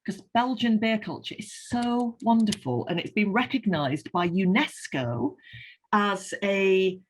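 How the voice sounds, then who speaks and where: A woman with a Northern English accent, a beer writer chatting casually and explaining with lively enthusiasm. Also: mid-range voice, unhurried, a little hiss or hum. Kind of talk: casual chat.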